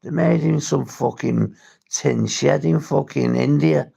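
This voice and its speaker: A man's voice: on the high side, slow, mellow. A man from St Helens with a Merseyside accent, talking bluntly on a livestream about drug recovery, swearing often and restarting his sentences. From St Helens, England. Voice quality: gravelly, husky. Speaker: recovery vlogger. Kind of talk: livestream talk to viewers.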